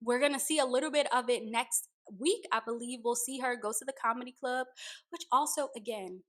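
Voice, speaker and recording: A woman's voice: on the high side, a little fast. A woman host giving a casual, reflective recap of a reality show, retelling scenes in her own words. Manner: retells scenes with quoted dialogue, conversational and reflective.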